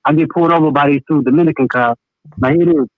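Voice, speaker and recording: A man's voice: a little high, rapid-fire, no echo. Southern male caller, casual and profane, on a dry, phone-like line. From American South. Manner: casual, profane, laughs while telling stories. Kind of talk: phone-in storytelling.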